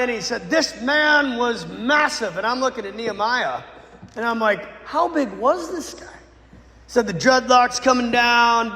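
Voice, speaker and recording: A man, a Catholic priest, telling a dramatic story in a sermon, swinging between loud bursts and hushed lines. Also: high voice. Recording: echoey church with long reverb.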